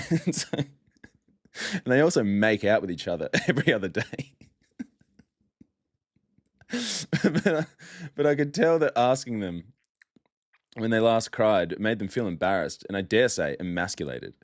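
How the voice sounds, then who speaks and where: A man's voice: lowish voice, expressive, a little slow, long pauses. A young man hosting a podcast alone, chatty and mocking, often laughing as he talks. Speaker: podcast host. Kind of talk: casual solo podcast monologue.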